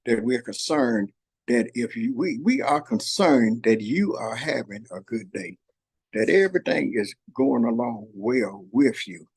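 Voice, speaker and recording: Gravelly older man telling family stories. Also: mid-range voice, a little mellow. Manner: earnest, folksy, repeats phrases, voices his granddaughter in quotes. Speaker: host. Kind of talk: heartfelt storytelling chat. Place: workplace shop.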